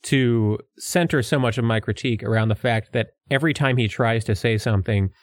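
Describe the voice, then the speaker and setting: A man's voice: mid-range voice, a little fast, dry recording, clean studio sound. A man co-hosting a podcast in casual conversation, sarcastic and laughing often. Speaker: podcast co-host.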